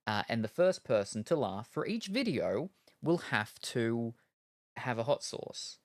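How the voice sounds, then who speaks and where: A man's voice: medium pitch, big pitch swings, measured pace, no room sound, studio quality. A male streamer in casual chat while gaming, rambling and joking with lots of ums and uhs. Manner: rambling and jokey, with many fillers.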